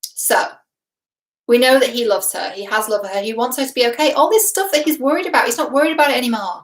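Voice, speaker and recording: A woman's voice: a little high, quick pace. A young adult woman from Britain, a relationship expert giving a casual reaction vlog, chatty and emphatic, laughing often and swearing casually. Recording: roomy echo.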